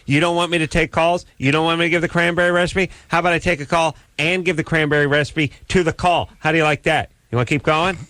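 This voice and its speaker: A man co-hosting a radio call-in show from a studio, talking fast comic banter and breaking into loud, mock-outraged rants. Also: on the high side, steady tone, no echo. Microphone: studio microphone.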